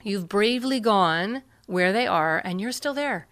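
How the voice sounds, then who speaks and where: A woman guest in an interview, explaining parenting techniques in an earnest, animated way and often acting out what kids and parents say. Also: medium pitch, unhurried.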